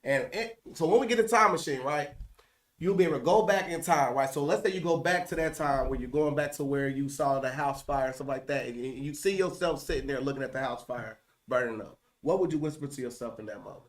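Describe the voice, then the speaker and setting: A man's voice: medium pitch, brisk, far from the mic. A man hosting a podcast, asking loose, playful questions that are full of fillers. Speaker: podcast host. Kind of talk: casual interview. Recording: echoey, off-mic room sound.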